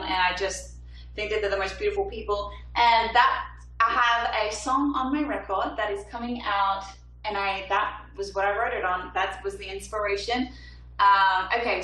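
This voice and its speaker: A bubbly young woman talks between songs on a livestream from her apartment, reading viewers' comments aloud. Her voice is bright and lively, and the room sounds echoey with the mic set back from her. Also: medium pitch, recorded from a distance, a little hiss or hum. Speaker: singer-songwriter hosting a livestream.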